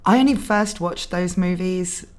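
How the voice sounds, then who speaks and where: A woman's voice: lowish voice, unhurried. A young English woman with a slightly posh accent, streaming and chatting casually as she reads out viewer comments, laughing often. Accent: mildly posh English. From England. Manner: giggly, chatty, laughs often between remarks. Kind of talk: casual chat reading live comments.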